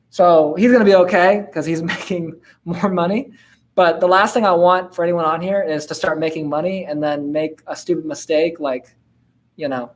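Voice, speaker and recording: A man's voice: a little high, fairly even intonation, moderate pace. Laid-back young man hosting a live Q&A. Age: 20s. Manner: laid-back, slangy, lots of fillers and laughs. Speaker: host answering viewer questions. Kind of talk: casual live-stream Q&A.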